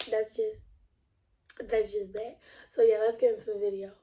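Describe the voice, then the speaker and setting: Chatty woman vlogger with a mellow voice. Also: mid-range voice, flat delivery, normal speed. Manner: chatty, rambling, laughs often. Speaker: beauty vlogger. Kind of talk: casual chat and product demo.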